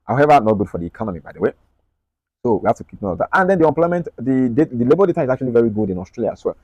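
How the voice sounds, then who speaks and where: A man walking viewers through his market analysis on screen, talking quickly and checking in with them often. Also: medium pitch, big pitch swings, darkish tone, dry recording, highs cut off. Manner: rapid, repetitive, checks in with "right?" and "okay?". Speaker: trading analyst.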